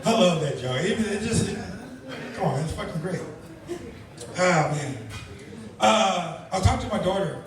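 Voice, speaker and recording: A middle-aged man hosting a stand-up comedy show, telling loose, profane stories in an animated way. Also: sits high, a little slow, pauses often, a crowd in the background. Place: comedy club. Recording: very echoey room, heard from far off. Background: audience laughing.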